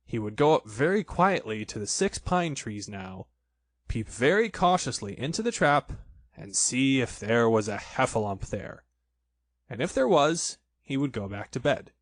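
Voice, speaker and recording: Guy reading a kids storybook, lively sing-song voice, dry close sound. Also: medium pitch, measured pace, no room sound. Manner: expressive, playful. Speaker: narrator.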